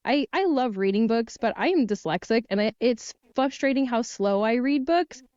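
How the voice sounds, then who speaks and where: Chatty podcast host lady, smooth clear voice, kinda dull dry audio. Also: a little high, lively intonation, moderate pace, darkish tone, no echo. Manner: enthusiastic, chatty. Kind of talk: casual interview chat.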